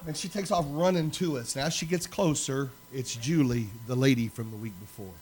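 A man preaching a sermon, telling personal stories in an animated way that swings from loud to hushed. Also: medium pitch, brisk, a little hiss or hum. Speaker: pastor.

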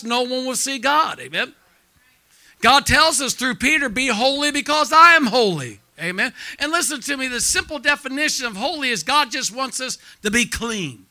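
A man preaching a revival sermon, punctuating his points with amens and calls for response, and dropping to a hushed tone when he tells his own story. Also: very high-pitched. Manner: drops quiet and hushed when telling his testimony. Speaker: pastor.

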